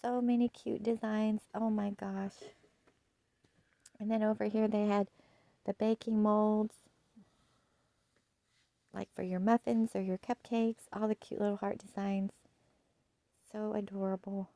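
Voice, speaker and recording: A woman chatting casually through a home decor haul, gushing and soft-spoken, often dropping to a hush. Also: medium pitch, level tone, unhurried, creaky, long pauses, no echo, poor audio. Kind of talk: casual shopping haul chat.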